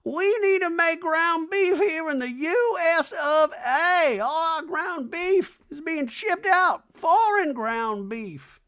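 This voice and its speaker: A man voicing a blunt, fussy older mother in a high, squawking, drawn-out voice. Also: lively intonation, pushed and bright, full character voice. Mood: incredulous.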